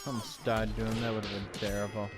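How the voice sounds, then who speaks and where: A young man giving casual, monotone commentary over his own gameplay. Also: on the low side, a little fast, loud music behind the voice. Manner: monotone, offhand. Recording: clear background noise.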